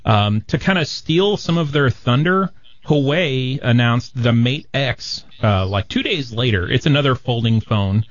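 A man on a radio talk show explaining new phones from his notes in a casual, halting way. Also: mid-range voice, lively intonation, lo-fi sound. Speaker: tech guest on radio show.

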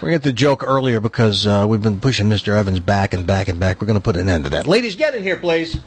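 A man's voice: on the low side, fairly even intonation, quick pace, very noisy. A man hosting a casual talk show, joking and telling a long story. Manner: jokey storyteller. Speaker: radio host. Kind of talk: casual talk radio banter.

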